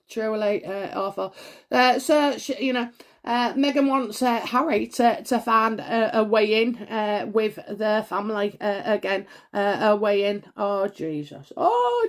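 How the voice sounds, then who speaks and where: A woman's voice: mid-range voice, steady tone, unhurried. A woman, talking through a tarot reading in a rambling, hesitant way full of fillers and sudden gasps. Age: 40s. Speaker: tarot reader. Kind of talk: solo tarot reading vlog.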